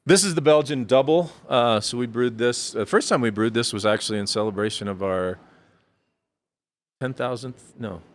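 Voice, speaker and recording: A man's voice: mid-range voice, moderate pace. A man as a brewery guest on a casual podcast, giving thoughtful, rambling explanations with frequent self-corrections and lifting his voice when he jokes.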